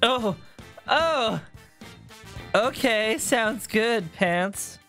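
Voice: mid-range voice, animated, very slow, a bit bright, faint music behind. A co-host on a game livestream who talks playfully and makes little sound effects. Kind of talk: casual game stream chat.

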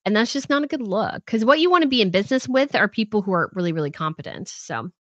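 A woman's voice: medium pitch, animated, fast talker, no room sound. A woman in her thirties hosting a casual livestream, chatting in a rambling way and reading viewer comments aloud. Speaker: host reading live chat.

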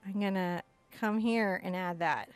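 A woman teaching an acrylic painting lesson, chatty and excitable, often bursting into giggly enthusiasm. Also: lowish voice, measured pace, no room sound, soft background music. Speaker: art instructor.

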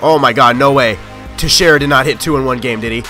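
A young man giving live commentary on his own gameplay, excitable and quick to shout or grumble at the game. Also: mid-range voice, soft background music. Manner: excitable, yelling at the game, frustrated outbursts. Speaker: gaming YouTuber.

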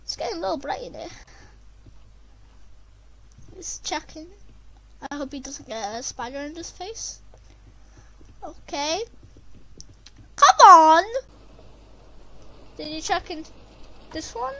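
A woman commentating her gameplay, excitable and prone to screaming when chased. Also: sits high, measured pace, vocal fry, pauses often. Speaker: gamer.

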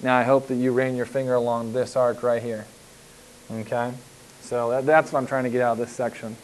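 A man's voice: mid-range voice, little pitch movement, brisk, a little hiss or hum, poor audio. A man teaching a geometry lesson as a recorded lecture, patient and repetitive, with frequent fillers as he walks through examples on the board. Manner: patient, repeats himself, frequent "uh" and "okay". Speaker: math teacher.

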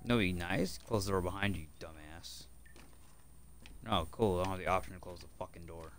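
A young man streaming a horror game, cursing constantly and swinging between loud outbursts and muttered asides. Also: low-pitched, steady tone, normal speed, a little hiss or hum. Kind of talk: casual gameplay commentary.

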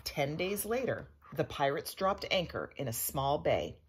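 A woman reading a picture book aloud as storyteller, expressive and playful. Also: low voice, measured pace, a little hiss or hum.

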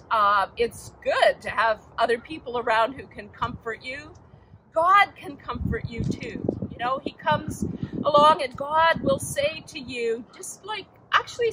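An older woman giving a children's message at church, chatting gently and asking the children questions. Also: fairly high pitch, slight background noise, poor audio. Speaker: church children's time speaker.

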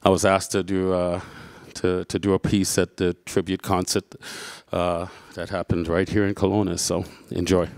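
Low-voiced, hesitant male poet. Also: moderate pace, hardly any pauses, no room sound. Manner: relaxed, hesitant, low-key. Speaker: spoken-word poet. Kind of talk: casual intro before a performance.

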